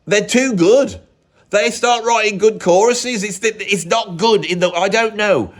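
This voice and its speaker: A man's voice: high-pitched, measured pace. An English man, a music commentator, talking in a casual rambling monologue, opinionated and often cutting himself off mid-thought. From England. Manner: rambling, self-interrupting, opinionated.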